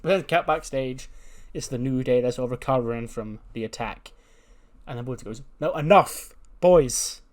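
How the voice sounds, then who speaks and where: A man's voice: mid-range voice, a little fast. A man casually narrating a management game, with loose fillers. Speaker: gaming YouTuber.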